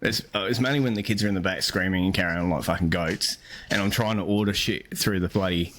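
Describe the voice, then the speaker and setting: A man's voice: sits low, fast talker, a bit bright, a little hiss or hum. An Australian man co-hosting a podcast, telling a funny story in casual chat, laughing often and swearing casually. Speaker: podcast co-host.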